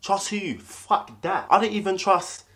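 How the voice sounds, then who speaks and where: A man's voice: sits high, a little slow, a bit bright. A man voicing a cocky young London roadman character with a London slang accent, riffing in a swearing, mocking monologue. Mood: scornful. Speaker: comedy sketch creator.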